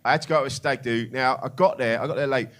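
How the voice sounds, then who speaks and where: A man's voice: mid-range voice, fairly even intonation, quick pace. A man doing a stand-up comedy set in a club, brash and swearing, mocking laddish banter. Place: comedy club with live audience. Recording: live club with crowd laughter.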